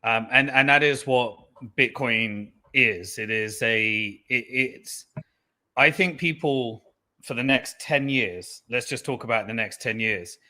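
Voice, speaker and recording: A man answers an interviewer earnestly, filling his pauses with "um". His voice is bright and sharp. His pitch sits in the middle range. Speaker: interview guest. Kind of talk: candid interview talk.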